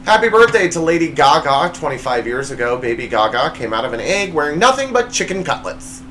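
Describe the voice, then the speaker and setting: Comedy host, male, lively pitch, bit high, noisy home recording. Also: fairly quick. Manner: jokey, reads punchlines with big pitch swings. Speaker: show host. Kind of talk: comedy monologue.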